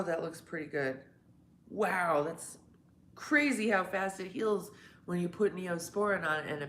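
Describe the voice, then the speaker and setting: A woman's voice: low-pitched, a little hiss or hum. A woman live streaming a casual morning chat to her viewers. She has just woken up, her voice sounds congested as if she has a cold, and she rambles, laughs often and swears.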